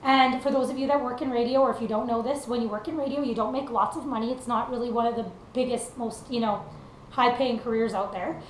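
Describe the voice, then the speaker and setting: A young woman, a country singer from Canada, talks quickly with a steady tone in a slightly high voice. She's giving a sincere, conversational motivational speech loaded with fillers, recorded in an echoey room with faint noise.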